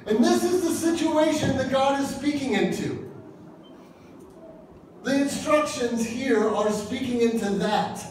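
A man's voice: extremely high pitch, a little slow, a little mellow, a little hiss or hum. A man in his fifties, a pastor giving a humorous sermon and acting out little dialogues in different voices. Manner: jokey, acts out dialogue in voices. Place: church hall. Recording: very echoey hall from far off.

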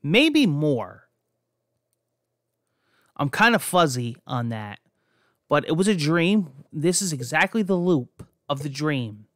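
A young man from New Jersey tells his stories casually, cursing freely and restarting his sentences as he goes. His voice sits on the higher side for a man. The recording is dry and close, with no room sound. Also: big pitch swings, slow, pauses often, fairly bright tone, no room sound. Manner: rambling, profane, frequent restarts. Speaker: podcast host. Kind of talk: casual personal storytelling.

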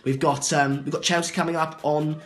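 A man's voice: fairly high pitch, flat delivery, a little fast. A man, a football presenter rambling and joking through a match prediction. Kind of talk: casual self-recorded prediction.

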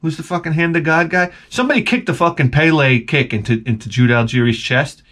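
A man's voice: fairly high pitch, fairly quick. A middle-aged man vlogging, telling rambling, profane stories in a casual monologue. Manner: rambling, profane, animated storytelling.

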